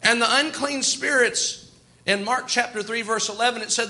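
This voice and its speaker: A man's voice: very high-pitched, normal speed, sharp tone. A man preaching a sermon in a folksy, storytelling way. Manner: folksy, storytelling, chuckles often.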